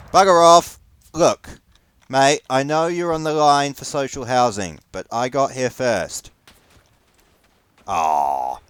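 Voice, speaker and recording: Swearing New Zealand gamer, smooth voice. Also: male voice, medium pitch. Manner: grumbling, profane, wry running banter. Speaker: gameplay commentator. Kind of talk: casual gameplay commentary.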